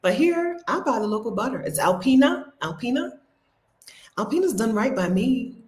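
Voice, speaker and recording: A woman's voice: fairly high pitch, very animated, brisk, a little mellow, roomy sound. A woman, chatting casually and laughing with her viewers during a livestream from her home. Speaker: host. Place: home near her refrigerator.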